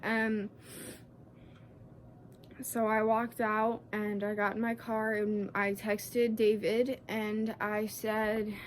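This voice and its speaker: A woman's voice: mid-range voice, level tone, slow, a little hiss or hum. A sixteen-year-old girl telling a story in a chatty, casual vlog, fired up and swearing freely. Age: teens. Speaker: vlogger.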